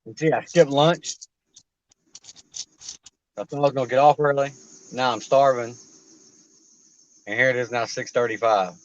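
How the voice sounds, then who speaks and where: A man chatting casually on a home livestream, spinning joking stories and cursing freely. His voice sits at a middling pitch. The audio is dull and lo-fi. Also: steady tone, normal speed, long pauses. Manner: loose, joking storyteller, swears casually. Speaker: coin roll hunting host.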